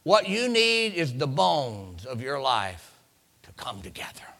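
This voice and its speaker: A man preaching a sermon in a dramatic style, repeating phrases and swinging from loud to hushed. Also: mid-range voice, wildly swooping pitch, measured pace, creaky.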